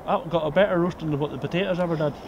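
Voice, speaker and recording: Older man, slightly high voice, easygoing chuckling storyteller, faint street noise. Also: fairly even intonation, racing, gravelly, highs cut off. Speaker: documentary subject. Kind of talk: reminiscing storytelling.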